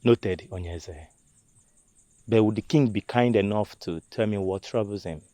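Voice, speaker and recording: A man's voice: fairly low pitch, a little slow, mellow, no room sound, lightly acted. An actor with a Nigerian accent playing a loyal, earnest seer who serves a troubled king, speaking deferentially. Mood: concerned. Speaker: spiritual adviser to the king.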